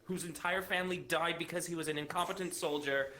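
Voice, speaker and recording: A man's voice: fairly high pitch, fairly even intonation, quick pace, bright, forceful tone. A man playing a tabletop game over a voice call, sarcastic and grumbling. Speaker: player. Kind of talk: casual tabletop chat.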